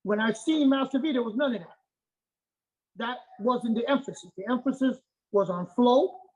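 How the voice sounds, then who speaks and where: A man's voice: very high voice, normal speed, a little mellow, low-quality recording. A middle-aged man, a martial arts master, talking as an interview guest in an emphatic, repetitive way, often checking in with "okay?". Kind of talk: casual interview talk.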